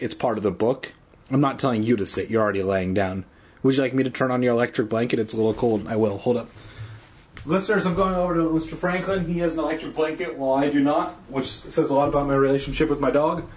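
A man's voice: mid-range voice, fast, husky. A man reading a storybook aloud at home, with irreverent, swearing asides. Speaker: reader.

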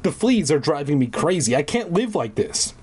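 A man's voice: fairly high pitch, very animated, normal speed, a little mellow, slightly rough. A man voicing a boy trapped as a dog, restless and pleading. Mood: frustrated.

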